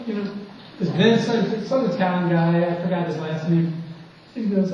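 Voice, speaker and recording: A man's voice: sits high, fairly even intonation, unhurried, pauses often, darkish tone, lo-fi sound, a little hiss or hum. A man from St. Louis, a college marketing lecturer, telling a rambling, conversational anecdote in class, recorded from a distance in a large lecture hall. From St. Louis, United States. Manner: rambling, conversational, restarts words. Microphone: distant room mic.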